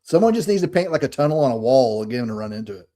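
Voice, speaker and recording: A man's voice: mid-range voice, sing-song, very fast, mellow. A man from Alabama with a Southern accent, co-hosting a casual podcast chat in a joking, chatty way and laughing often. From Alabama, USA. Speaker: podcast co-host.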